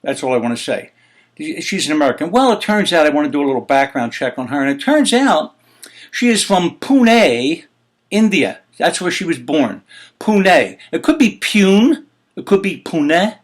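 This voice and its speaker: A man's voice: fairly high pitch, sing-song, moderate pace. A man hosting his own opinion show, ranting in an indignant, exasperated way with swearing and rhetorical questions. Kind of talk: heated opinion commentary.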